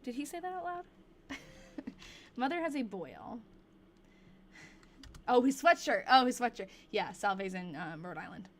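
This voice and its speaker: A woman's voice: fairly high pitch, expressive, a little hiss or hum. Chatty young woman reading an old diary. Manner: chatty, laughs often, reads diary lines slowly. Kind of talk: casual livestream chat and diary reading.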